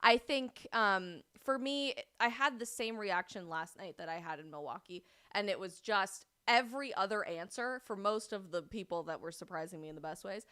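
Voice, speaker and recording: A young adult woman from Idaho hosting a political livestream, talking in an animated, emphatic way. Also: mid-range voice, clear, resonant tone. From Idaho, USA. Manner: animated, emphatic, quick asides. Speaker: host.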